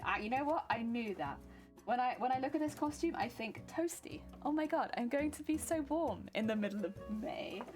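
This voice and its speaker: Chatty young woman sewing, music behind. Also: a little high. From United Kingdom. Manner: chatty, self-talking, giggly while working. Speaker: cosplay streamer. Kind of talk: casual sewing stream chat. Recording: clear music bed under the voice.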